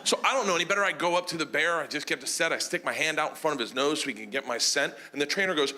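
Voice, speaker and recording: A man doing stand-up, telling a wild story in a loud, animated way, jumping into shouts on the punchlines, recorded live on a club stage. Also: on the high side, racing, hardly any pauses. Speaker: stand-up comedian. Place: comedy club stage before a laughing audience. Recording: live club recording with audible audience noise.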